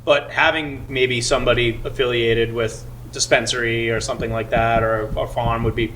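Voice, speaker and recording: A man's voice: mid-range voice, flat delivery, moderate pace, a bit bright, a little hiss or hum, rough recording. A man co-hosting a podcast in casual chat, laid-back and swearing freely. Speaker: podcast co-host.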